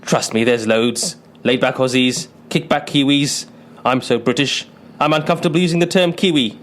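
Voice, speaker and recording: A man's voice: mid-range voice, normal speed, natural voice. A man playing an uptight, fretful Brit. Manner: flustered, fretful, self-conscious. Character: anxious, uptight British male client. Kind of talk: comedy radio sketch.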